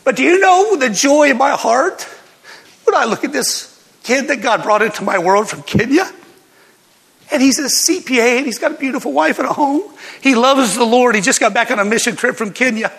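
A man's voice: very high-pitched, normal speed. Older male pastor preaching in a reverberant hall. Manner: animated storytelling with laughs and scripture reading. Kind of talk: sermon.

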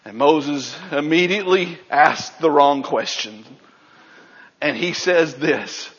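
A man's voice: on the high side, takes it slowly, husky. Preacher man echoing in a large hall. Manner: animated preaching, acts out biblical voices. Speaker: pastor. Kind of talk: sermon. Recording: dull sound with long hall reverb.

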